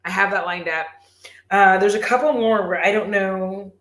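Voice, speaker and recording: A woman vlogger chatting casually on a livestream, animated, swearing and laughing often. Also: medium pitch, moderate pace, roomy sound.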